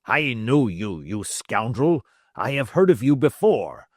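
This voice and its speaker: A man's voice: medium pitch, very animated, a little slow, darkish tone, no room sound, studio quality. A man voicing a fierce, menacing old man who blusters and snarls threats. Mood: threatening.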